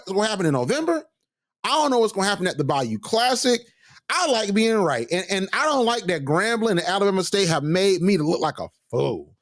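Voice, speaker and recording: A man with a high, lively voice co-hosts a sports talk show, full of opinions and quick restarts. His voice is recorded close and dry, with no room sound. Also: no room sound. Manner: animated, opinionated, frequent restarts. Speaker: co-host.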